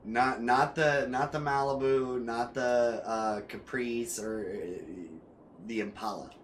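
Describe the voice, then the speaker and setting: A man streaming casual gameplay commentary who rambles with many fillers and restarts and gets excited and loud about cars. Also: medium pitch, takes it slowly, a little hiss or hum.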